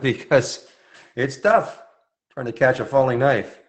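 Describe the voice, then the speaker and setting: A man from Montreal talks casually through a live trading-room session. He answers viewer questions in a relaxed, conversational way, often restarting his sentences. His voice sits at a middle pitch. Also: unhurried. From Montreal, Canada.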